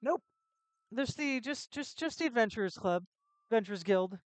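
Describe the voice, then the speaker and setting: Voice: mid-range voice, animated, moderate pace, dry recording. A chatty game streamer talks through a retro adventure game, reading text aloud and tossing out joking asides. The voice sits mid-range and is recorded close and dry. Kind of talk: casual let's-play commentary.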